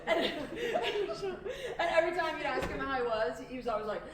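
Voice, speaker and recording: A woman's voice: sits high, sing-song, moderate pace, recorded from a distance, a loud crowd. A woman performing a gushing, self-absorbed fashion-industry woman in a solo stage comedy, rambling and giggling breathlessly. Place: theatre stage. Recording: echoey theatre, recorded from afar.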